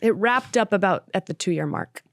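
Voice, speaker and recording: A woman sharing a candid personal story in conversation, animated and acting out her own past thoughts. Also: medium pitch, normal speed, gravelly, no room sound, clean studio sound. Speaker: podcast guest.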